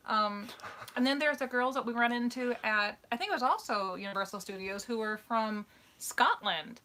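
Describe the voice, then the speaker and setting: Chatty woman hosting a live q&a, kinda high bright voice, laughs a lot telling stories. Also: normal speed, slight background noise. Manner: chatty, animated storytelling, laughs easily. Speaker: co-host of a live Q&A stream. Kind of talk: casual live-stream chat. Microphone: live-stream microphone.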